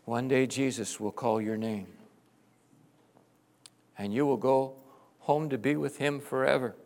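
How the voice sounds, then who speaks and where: A middle-aged male pastor preaching with passion, swinging between loud exclamations and hushed, tender passages. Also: mid-range voice, fairly even intonation, unhurried. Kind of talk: sermon.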